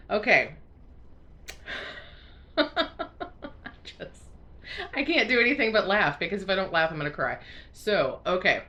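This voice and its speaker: A woman's voice: rumbling low, a bit bright, slight background noise. A woman from the United States chatting casually to camera, rambling with lots of fillers and restarts, laughing often and sounding congested. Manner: frequent self-conscious laughter. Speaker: crafting vlogger.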